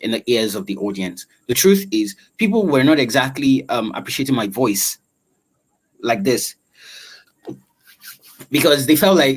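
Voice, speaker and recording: Man, voice coach; velvety tone, drawn-out explanatory delivery in an online session. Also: medium pitch, animated, husky, rough recording. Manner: explanatory, drawn-out, filler-heavy. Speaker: voice-over coach. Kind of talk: online class talk.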